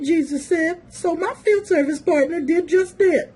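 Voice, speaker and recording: A woman talks through pictures in a sassy, teasing way, calling her viewers "boo" and "honey". Her voice is high and she takes her time, dragging out her words. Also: measured pace, warm tone. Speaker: video commentator. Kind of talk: casual mocking commentary.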